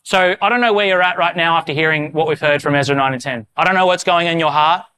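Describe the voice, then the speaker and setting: Male pastor, slightly higher voice, smooth and resonant; casual sermon that moves into a slow, solemn led prayer. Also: pushed and bright, no echo. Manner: casual, self-deprecating preaching; slow, solemn liturgical reading.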